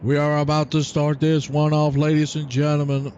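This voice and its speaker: Hyped, high-voiced race commentator man. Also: monotone, moderate pace, darkish tone, highs cut off, slight background noise. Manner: teasing and hyped, chants and cheers drivers on. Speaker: sim racing commentator.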